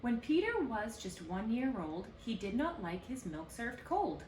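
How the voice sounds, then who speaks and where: A woman baker reading picture books aloud at a children's story hour, expressive and lively. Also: a little high, measured pace, slight background noise. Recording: roomy echo, distant mic, faint ambience.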